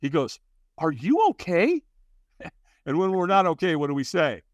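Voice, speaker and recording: A man telling a personal story as a podcast guest, acting out the other people's lines with big leaps in pitch. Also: moderate pace, dry recording. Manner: acts out dialogue with big jumps in pitch. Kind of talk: animated storytelling.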